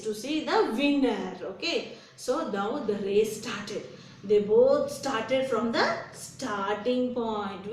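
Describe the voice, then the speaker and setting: High-voiced sing-song woman storyteller. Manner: sing-song, repeats words, calls on children to join in. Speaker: storyteller for children. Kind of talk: children's storytelling. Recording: echoey room, voice from far off.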